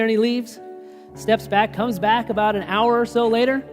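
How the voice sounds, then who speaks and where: Animated man preaching in a church hall. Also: high-pitched, normal speed, faint music behind. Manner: storytelling, animated, laughs often. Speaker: pastor. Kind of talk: sermon.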